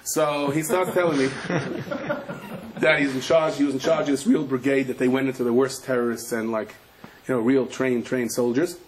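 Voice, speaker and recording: A middle-aged man, a rabbi, giving a sermon full of animated, rapid storytelling. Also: medium pitch, background noise.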